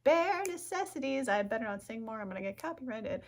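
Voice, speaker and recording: A woman's voice: mid-range voice, fast talker. A woman talking to camera in a casual rambling monologue as a self-help vlogger, tripping over her words, losing her train of thought and giggling.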